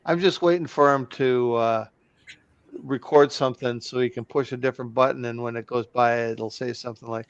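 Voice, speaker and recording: A man's voice: medium pitch, steady tone, a little fast, dry recording, highs cut off. A man joining a casual model railroad chat, friendly and joking as he talks.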